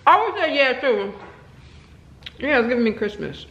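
A woman's voice: high voice, big pitch swings, normal speed, dull audio. A woman filming a casual home vlog, chatting playfully with her kids and dog. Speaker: vlogger. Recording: echoey room with faint noise.

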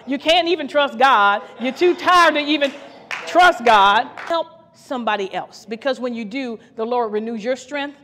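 A woman's voice: sits high, normal speed, sharp tone. A woman co-pastor from Ohio preaching a fervent podcast sermon, repeating her phrases and laughing now and then. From Ohio, USA. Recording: long hall reverb.

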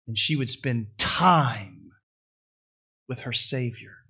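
A male pastor preaching a sermon with folksy asides, building to loud, high-pitched swells at the climaxes. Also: slow, pauses often, breathy edge.

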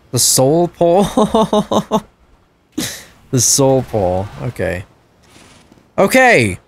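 A man commenting over his own gameplay in an unhurried drawl, his slightly high voice leaping wildly up and down. He breaks into loud, frustrated yelps and swearing, then drops back to low grumbles. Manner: excitable, swings into loud frustrated outbursts and swearing. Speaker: gaming channel host.

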